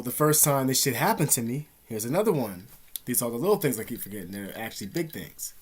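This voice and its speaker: A young man vlogging from an indoor room, telling a story in a rambling, profane, streetwise way. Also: medium pitch. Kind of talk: casual storytelling to camera.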